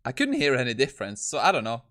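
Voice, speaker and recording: A man with a bright, forward voice comments casually on an AI demo. He thinks aloud, trails off, and laughs now and then. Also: mid-range voice, huge pitch swings, fast talker. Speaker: host.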